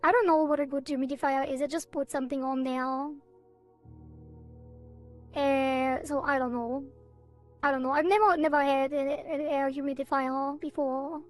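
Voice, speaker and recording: High-voiced woman streamer, chatty and giggly, casual live-stream talk, faint music behind. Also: steady tone, normal speed. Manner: chatty, giggly, rambling with playful sound effects.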